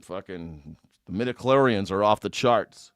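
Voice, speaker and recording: A man's voice: lowish voice, measured pace, clean tone, no echo, studio quality. A man riffing casually as a streamer, rambling, joking and swearing while reacting to clips. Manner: rambling, joking, swearing, breaks into put-on voices.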